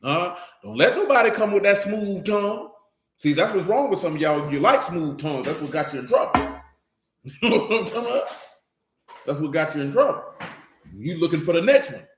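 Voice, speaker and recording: A man's voice: on the high side, very animated, a little fast, soft background music. Blunt, scolding preacher man, echoey room. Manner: blunt, scolding street talk. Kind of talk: sermon.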